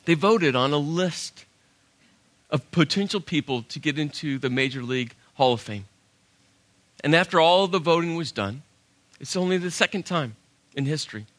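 High, bright-voiced man preaching. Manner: animated storyteller, acts out his own inner dialogue. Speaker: pastor. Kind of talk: sermon with personal story.

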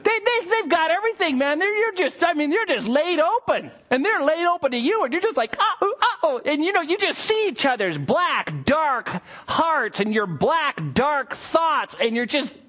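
A male pastor preaching a sermon. He swings between hushed asides and excited bursts, and acts out little scenes with playful voices. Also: very high-pitched, moderate pace, hardly any pauses.

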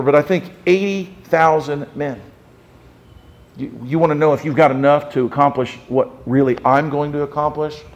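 A man preaching a sermon to a congregation, animated and emphatic, asking the crowd questions and rising to sudden peaks. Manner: animated, swings from low to high and emphatic. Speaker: pastor.

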